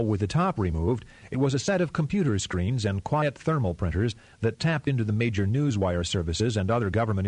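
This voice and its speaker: This is scripted audiobook narration of a novel by a man whose voice is low and husky. He keeps a steady, measured delivery, and the close, dry recording carries no room sound.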